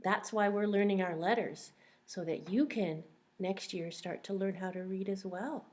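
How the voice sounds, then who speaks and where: A woman teacher reading a picture book aloud to young children, gently asking them questions along the way. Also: mid-range voice, steady tone, moderate pace.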